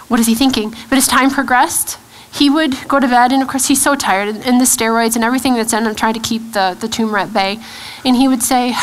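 A woman in her thirties shares a personal testimony at a church gathering. Her voice sits a little high, and she talks earnestly, stopping and restarting as she searches for words. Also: a bit bright, poor audio. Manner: earnest, halting, with frequent restarts and fillers. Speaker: guest speaker. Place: church event hall.

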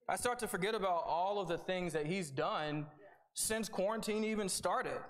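Young guy preaching, high-ish voice, chatty and earnest, keeps saying right. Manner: conversational, earnest, with repeated starts and "right?" asides. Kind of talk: sermon.

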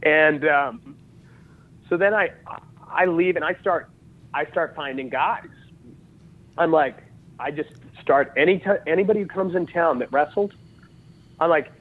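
The man speaks at normal speed with a fairly high pitch, his audio tinny like a phone call. A podcast guest in his thirties from Utah who coaches jiu-jitsu and wrestling, he tells stories casually and vividly, acting out dialogue and laughing often.

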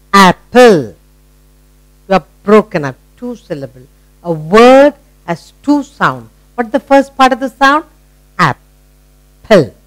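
A middle-aged woman with an Indian English accent teaching a phonics lesson to children, encouraging them and repeating each word slowly. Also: mid-range voice, low-quality recording. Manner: slow, sing-song, encouraging, repeating words.

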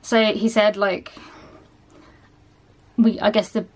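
A woman's voice: medium pitch, little pitch movement, slow pace. A young woman vlogging in a casual chat, tired and sluggish, rambling with lots of ums and likes.

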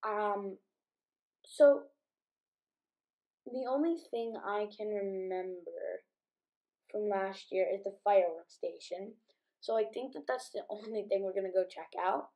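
A woman's voice: medium pitch, a little slow, pauses often, dark tone. Sleepy, chatty woman gamer. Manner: chatty, many ums and likes. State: sleepy, just woke up. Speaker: gaming YouTuber. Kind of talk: casual game commentary.

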